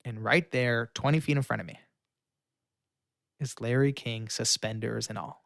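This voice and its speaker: A young man telling a story with lively energy, filling it with fillers and acting out the voices of the people in it. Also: mid-range voice, normal speed, creaky, no room sound, studio quality. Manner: acts out quoted voices, shouting and pleading; frequent fillers. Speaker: guest storyteller. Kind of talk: animated storytelling.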